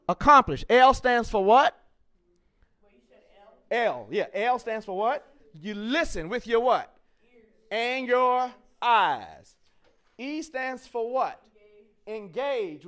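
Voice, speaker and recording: Extremely high-pitched and a little bright, a man teaches teenagers a leadership lesson at camp. He quizzes the group call-and-response style, spells words out and hammers key points through repetition, staying encouraging and joking with the students in this interactive classroom session.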